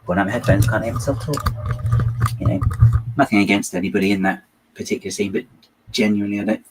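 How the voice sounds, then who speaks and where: A man's voice: on the low side, steady tone, fast talker, heavy background noise. A man chatting casually while he builds, giving rambling, hesitant and wry opinions as the host.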